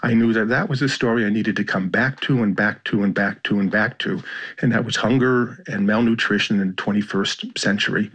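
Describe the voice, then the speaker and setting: A man's voice: on the low side, steady tone, fairly quick, a bit bright, slightly rough. An American man, a journalist guest, speaking reflectively in an interview with frequent restarts. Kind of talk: interview conversation.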